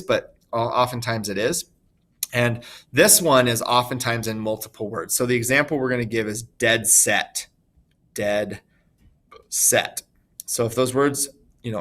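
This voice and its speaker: A man teaching a recorded lesson in an informal, conversational tone, with his voice sitting at an ordinary middle pitch. He thinks aloud, fills pauses with ums and you-knows, and corrects himself mid-sentence. When he gets to example words, he slows down and leans on the stressed syllables. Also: a bit bright. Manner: sounds out stressed syllables slowly to demonstrate.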